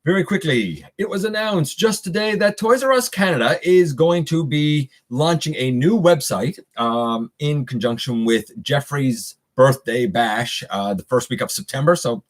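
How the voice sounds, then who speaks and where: A man's voice: fairly high pitch, animated, measured pace, few pauses. Rambling man hosting a live stream. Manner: rambling, many fillers and restarts. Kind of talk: casual live stream chat, reading viewer comments.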